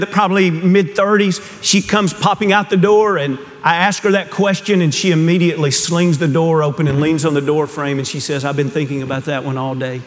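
A man preaching a sermon in a church sanctuary, with a voice pitched a little above the usual for a man. He tells stories quietly, then climbs to fervent peaks. A long hall reverb trails every phrase. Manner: storytelling, swings from hushed to rising fervor.

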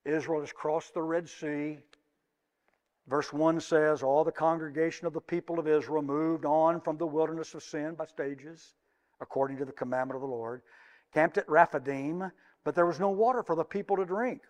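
A man preaching a sermon, moving between quiet asides and loud emphatic peaks and asking his congregation questions. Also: a little high, fairly even intonation, normal speed, big-room sound.

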